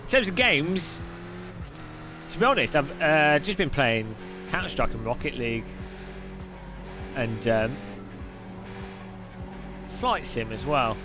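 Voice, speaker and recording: Lively streamer man. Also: mid-range voice, takes it slowly, pauses often, music in the background. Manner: chatty, reads chat aloud, laughs often. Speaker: sim racing streamer. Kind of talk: casual live-stream chat.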